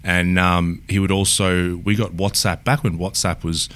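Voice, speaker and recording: An Australian man co-hosting a podcast in casual chat, speaking clearly and pronouncing each word well. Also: sits low, level tone, normal speed, fairly bright tone. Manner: clear, well-spoken delivery. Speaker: podcast co-host.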